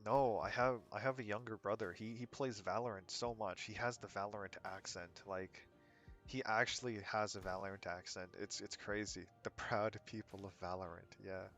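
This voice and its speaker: A man's voice: lowish voice, fairly even intonation, normal speed, a bit bright, soft background music. An American man streaming a game, chatting in a rambling, laid-back way and answering his chat with frequent chuckles. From United States. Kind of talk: casual chat while gaming.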